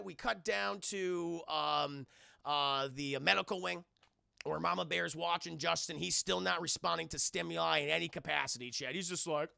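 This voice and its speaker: Young male streamer, gravelly and sharp-toned, excitable and profane, acting out scenes for chat. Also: on the high side, no echo. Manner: profane, excitable, acts out characters' lines. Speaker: streamer reviewing a film. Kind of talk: animated casual recap to live chat. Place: home streaming setup.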